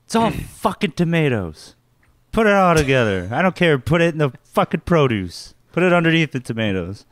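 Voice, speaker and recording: A man's voice: on the high side, big pitch swings, normal speed, dry recording, clean studio sound. A young man co-hosting a podcast, telling a story in casual chat, laughing often and swearing freely. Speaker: podcast co-host.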